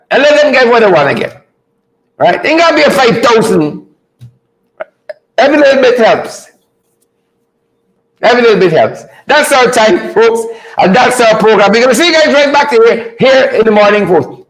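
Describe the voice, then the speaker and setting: A man hosts a casual commentary show. His voice sits very high and swings widely. He keeps repeating his phrases and drawing them out with a chuckle. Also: a bit bright, low-quality recording. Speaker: host.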